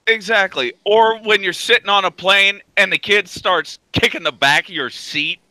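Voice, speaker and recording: A man hosting a podcast, telling an anecdote slowly in casual conversation. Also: high voice, pushed and bright, dry recording, poor audio. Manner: slow, drawn-out anecdote telling. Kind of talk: casual storytelling.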